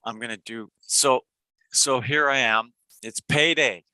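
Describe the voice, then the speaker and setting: An older retired man, a webinar guest, who plays along in a casual, playful demonstration and tells little stories in an animated way. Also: medium pitch, a little slow, dry recording, rough recording.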